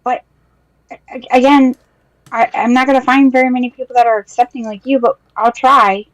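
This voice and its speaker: A woman's voice: high voice, steady tone, moderate pace, no echo, rough recording. A woman playing a tabletop role-playing game, speaking in a hesitant, rambling way with many fillers. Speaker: player. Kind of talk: tabletop role-play in character.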